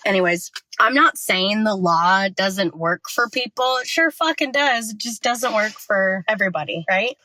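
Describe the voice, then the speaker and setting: A woman podcast host telling a story in a casual monologue from her car, talking fast and out of breath, with frequent swearing. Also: medium pitch, sharp tone, dry recording, poor audio. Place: parked car.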